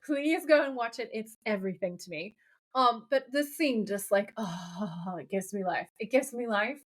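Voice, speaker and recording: A woman co-hosting a casual podcast, excitedly recapping a TV episode and reading out quotes. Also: on the high side, normal speed. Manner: animated, reads quotes aloud with enthusiasm. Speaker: podcast co-host.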